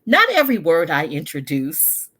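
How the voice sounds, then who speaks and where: Guest: woman in her sixties, low voice, thoughtful and emphatic. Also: wildly swooping pitch, normal speed, fairly bright tone, husky. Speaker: guest, social media word educator. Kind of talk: conversational interview.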